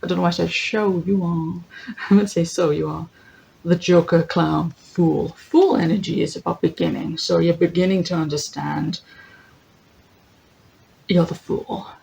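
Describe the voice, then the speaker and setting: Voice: medium pitch, fairly even intonation, measured pace, vocal fry, darkish tone, a little hiss or hum, poor audio. A tarot reader giving a casual general reading, thinking aloud, correcting themselves, laughing easily and reading lists from a guidebook. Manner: chatty, thinks aloud, often corrects itself.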